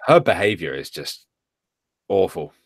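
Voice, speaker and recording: Guy co-hosting, lowish voice, blunt, stumbles into his sentences. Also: very animated, unhurried, gravelly, husky, no room sound, clean studio sound. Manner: blunt and dismissive, hesitant starts. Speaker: co-host. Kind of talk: casual political commentary chat.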